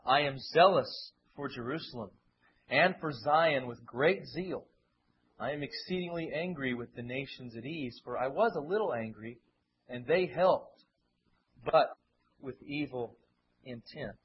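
A man's voice: medium pitch, unhurried, slight background noise. A man preaching an expository Bible sermon who acts out the voices he quotes with dramatic swings. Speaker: pastor. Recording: muffled lo-fi sermon recording.

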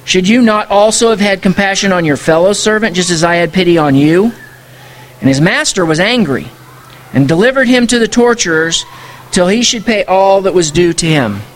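Male pastor, high voice, conversational sermon full of rhetorical questions. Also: lively intonation, moderate pace.

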